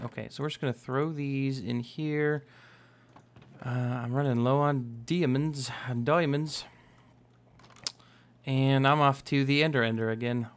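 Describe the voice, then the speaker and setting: A young man chatting casually as he narrates his own gameplay, upbeat and quick to exclaim. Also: mid-range voice, a bit bright. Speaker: Minecraft let's play host.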